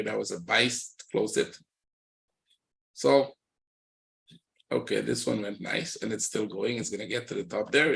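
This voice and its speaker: A low-pitched man runs a live trading webinar. He moves briskly through the charts in a plain, matter-of-fact way, pointing out setups as he goes. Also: vocal fry, a bit bright. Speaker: trading instructor.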